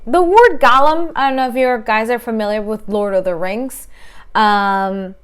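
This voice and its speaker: A woman's voice: a little high, a little slow, clean tone. A woman relationship coach giving blunt, emphatic advice straight to her viewers and acting out the voices she quotes. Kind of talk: direct-to-camera advice talk.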